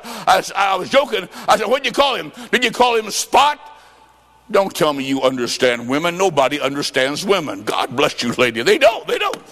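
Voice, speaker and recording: A revival preacher with a high-pitched voice, telling his story with sudden swings between hushed lines and shouts. His voice rings out through a large church hall with a long reverb tail. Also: wildly swooping pitch, normal speed.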